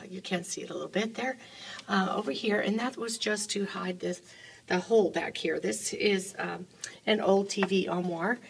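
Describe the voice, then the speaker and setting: A woman giving a casual, halting walkthrough of a church classroom she decorated, filled with ums and uhs, filmed on a handheld phone indoors. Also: medium pitch, creaky, a little hiss or hum. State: out of breath.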